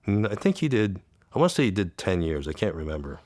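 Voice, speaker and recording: Deep-voiced man telling a tearful story. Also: very animated, a little mellow, dry recording, clean studio sound. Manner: halting, repeats words, acts out quoted dialogue. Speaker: interview guest, former undercover officer. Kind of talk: emotional storytelling.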